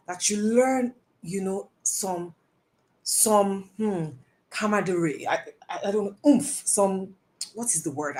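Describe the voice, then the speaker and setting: A woman giving a casual online lesson on communication, chatty and animated, stressing words and breaking into asides. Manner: animated, lots of stressed words and rising pitch; chatty with self-asides and laughs. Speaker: communication coach.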